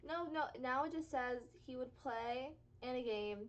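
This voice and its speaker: A woman's voice: high voice, moderate pace, lo-fi sound. A woman co-hosting a casual tabletop-game podcast, reading out listener questions. She giggles often and stumbles over words.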